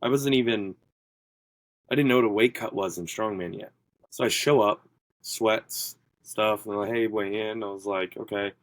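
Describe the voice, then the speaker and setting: A man with a lowish voice tells his story as a podcast guest in a loose, rambling way. He leans on "like" and acts out his own lines and other people's. The sound is dry and close, with no room around it. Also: normal speed, no room sound, poor audio. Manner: rambling, filler-heavy, quotes people in his stories. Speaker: podcast guest, strongman athlete. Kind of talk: casual interview storytelling.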